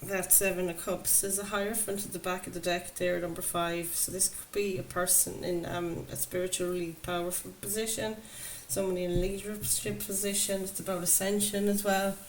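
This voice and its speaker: A woman's voice: fairly low pitch, level tone, brisk, hardly any pauses, low-quality recording. Chatty woman reading tarot. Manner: enthusiastic, chatty, laughs often. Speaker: tarot reader. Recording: faint background noise.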